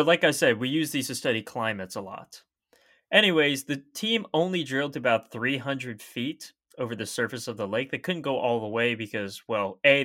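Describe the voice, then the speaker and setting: Science facts come across easily and chattily from this young co-host of a casual podcast. He speaks at medium pitch in a bright, forceful tone.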